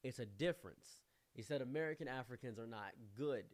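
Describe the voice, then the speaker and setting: A man's voice: medium pitch, fairly quick. A young man telling a personal story in a casual, rambling way, with lots of fillers. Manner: rambling, filler-heavy, conversational.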